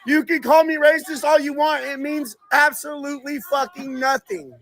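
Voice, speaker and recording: A man's voice: very high voice, level tone, normal speed, fairly bright tone. A man streaming from a city street, arguing in a combative, profane way while recording on his phone. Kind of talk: confrontational street argument.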